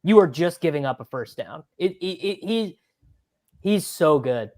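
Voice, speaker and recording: Animated rambling male football analyst. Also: a little high, a little slow. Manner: animated, rambling, lots of fillers. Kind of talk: casual podcast chat.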